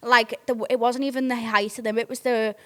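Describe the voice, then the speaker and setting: A woman in her twenties hosts a chatty podcast, her voice sitting a touch high. She rambles through an excitable, swear-filled story with plenty of filler words. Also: a little fast. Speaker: podcast host. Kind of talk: casual storytelling.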